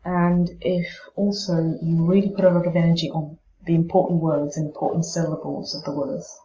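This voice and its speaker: A woman teacher giving exam tips on pronunciation, demonstrating word stress slowly and with care. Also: lowish voice, flat delivery, mellow, highs cut off, slight background noise.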